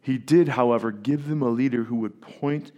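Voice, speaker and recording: A man's voice: mid-range voice, moderate pace, a little mellow, muffled recording. Man preaching a sermon. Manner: preaching with rhetorical questions to the congregation. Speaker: pastor.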